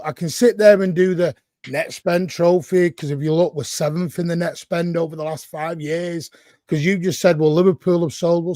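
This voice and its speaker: A man on a football panel argues with blunt exasperation, pushing back hard on his opponents. His voice sits a little high. The sound is dry and close, with no room around it. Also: darkish tone, no room sound. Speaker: podcast panelist. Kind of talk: heated football debate.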